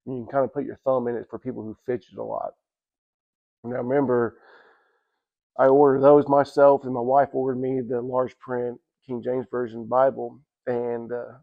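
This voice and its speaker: This church member's testimony comes in a medium, gravelly voice that stays flat in tone. He wanders through the story loosely and everyday-style, often starting over and repeating "you know what I'm saying." The audio has a dull, lo-fi quality.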